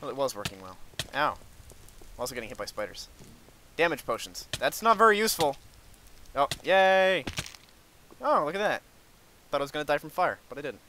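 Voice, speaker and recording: A man hosting a casual gameplay chat, excitable and quick to burst into shouts and laughter. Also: mid-range voice, a little hiss or hum. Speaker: let's play host.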